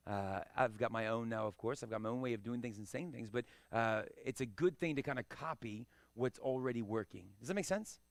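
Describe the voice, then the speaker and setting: A man's voice: mid-range voice, brisk, creaky, few pauses, no room sound. A man teaching a live karate class, coaching and encouraging, often checking that students understand. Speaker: karate instructor.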